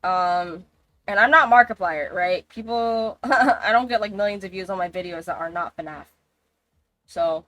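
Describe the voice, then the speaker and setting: A woman's voice: mid-range voice, unhurried, fairly bright tone, no echo. A woman streaming a game live, chatting in a rambling, casual way and swearing freely. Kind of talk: casual gaming livestream chat.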